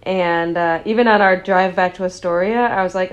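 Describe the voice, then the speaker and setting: A woman's voice: fairly low pitch, steady tone, normal speed, highs cut off. Self-mocking young woman in casual chat.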